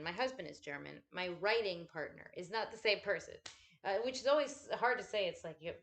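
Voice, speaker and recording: A woman's voice: on the low side, fairly bright tone. A woman chatting casually at home while folding laundry, rambling and swearing freely with self-deprecating asides.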